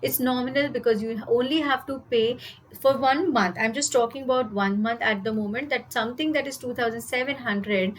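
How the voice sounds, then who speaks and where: A woman's voice: fairly high pitch, brisk, slight background noise, poor audio. A woman with an Indian accent giving a live online English lesson, explaining words and asking her class rhetorical questions. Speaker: IELTS teacher.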